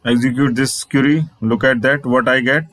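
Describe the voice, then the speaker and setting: A man's voice: medium pitch, steady tone, normal speed, fairly bright tone, no echo, rough recording. Man teaching code, repeating himself. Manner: repetitive, restates phrases, spells out letters. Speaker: programming instructor. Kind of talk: screen-share coding tutorial.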